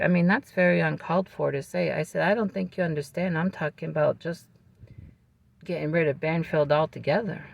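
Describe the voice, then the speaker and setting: A vlogger telling a personal story to camera in a calm, measured way, with fillers and restarts. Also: medium pitch, creaky, slight background noise.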